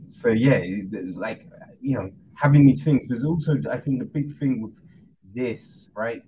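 A man hosting a podcast, chatting casually and loosely, his thoughts trailing along with fillers. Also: fairly low pitch. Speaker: podcast host. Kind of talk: casual chat. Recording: dull lo-fi audio with faint noise.

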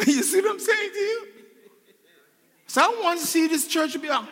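High bright-voiced guy preaching a sermon, keeps asking for amens, big echoey church. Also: normal speed, long pauses, slight background noise. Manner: animated preaching, repeats phrases, asks the crowd "Amen?". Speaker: pastor. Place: church sanctuary. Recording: long reverb in a large hall.

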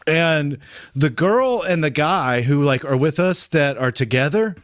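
A man's voice: fairly high pitch, expressive, unhurried, no echo, studio quality. A man in his forties, a podcast host, casually telling a story and swearing freely as he acts out what people said.

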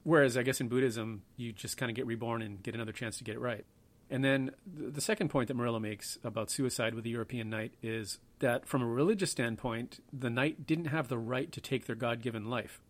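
A man's voice: medium pitch, fairly quick. A man hosting a history podcast, talking in a rambling, offhand way with self-deprecating asides. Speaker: podcast host. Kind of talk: casual history podcast talk.

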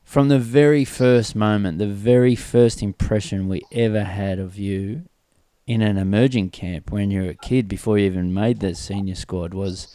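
Guy, middle aged, low mellow voice, excitable storyteller, dry close sound. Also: moderate pace, no room sound. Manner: animated storyteller, laughs often, speaks in bursts. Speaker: host and former team staff member. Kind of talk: conversational podcast interview.

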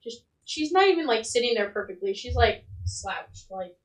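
A woman's voice: on the high side, sing-song, normal speed, far from the mic. A young woman running a tabletop game, giggly and full of fillers. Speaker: game master. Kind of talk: casual tabletop game chat. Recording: echoey room.

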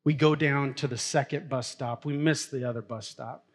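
A man's voice: mid-range voice, fairly even intonation, moderate pace. A middle-aged man, a pastor, preaching a sermon in a casual, story-telling way and laughing now and then. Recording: long hall reverb.

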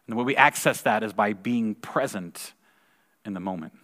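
A man in his forties giving a sermon, telling a personal story in a conversational way and repeating words when excited. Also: lowish voice, moderate pace. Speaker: pastor. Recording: long reverb of a large hall.

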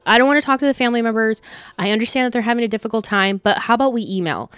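A young woman vents about her day in a casual, candid monologue, swearing freely and acting out conversations. Her voice sits at a middle pitch and sounds close and dry, with no room echo around it. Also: clean tone. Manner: acts out conversations in lively voices. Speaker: vlogger venting about work.

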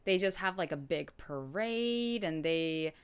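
A woman hosting a podcast, telling a true crime story in a relaxed, casual way with lots of fillers and asides. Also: fairly low pitch, unhurried, clear, resonant tone.

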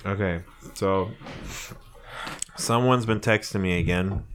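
A man's voice: deep voice, takes it slowly, a little hiss or hum. A young man co-hosting a casual podcast, rambling and laughing through his stories and swearing freely. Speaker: podcast co-host. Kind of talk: casual chat.

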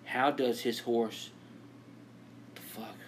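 A man's voice: medium pitch, fairly even intonation, takes it slowly, a little hiss or hum. A man co-hosting a casual comedy podcast, posing riddles and laughing often. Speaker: podcast co-host.

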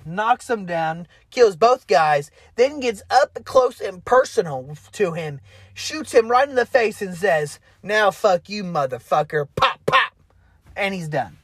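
A young man excitedly recapping a favorite film in a loose, rambling way, stumbling over restarts and fillers and cursing casually. His voice sits a little high. The sound is dry and close. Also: breathy edge, no echo. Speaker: movie fan retelling a film.

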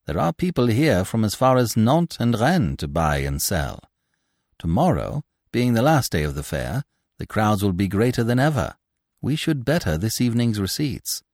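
A clever young man, as a male narrator reads him, calm and persuasive. The voice sits fairly low and dry, with lively pitch. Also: moderate pace, no room sound. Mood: assured. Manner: assured, persuasive.

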